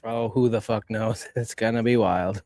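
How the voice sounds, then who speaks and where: A man's voice: lowish voice, fairly even intonation, moderate pace, darkish tone, dry recording. A man joining a live stream as co-host, chatting casually and swearing easily. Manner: laid-back, profane, laughing. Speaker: co-host guest.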